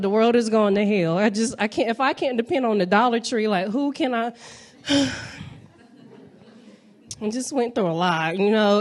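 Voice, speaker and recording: A young woman from North Carolina performs a brash, playful stand-up set from a comedy club stage, speaking directly to the audience. Her voice is on the high side.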